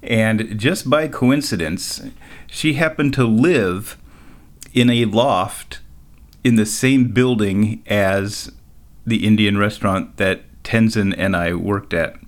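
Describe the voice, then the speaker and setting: A man's voice: on the low side, slow. A middle-aged man talking in a rambling, casual monologue, often laughing at his own stories and tossing in sarcastic asides. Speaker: vlogger.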